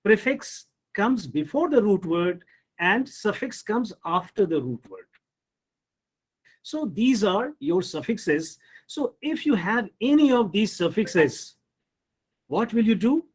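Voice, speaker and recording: A man teaching pronunciation in an online lecture, speaking in a slow, repetitive drilling manner and often saying "hmm" and "you see". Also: high-pitched, darkish tone, low-quality recording. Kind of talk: online lecture on word stress.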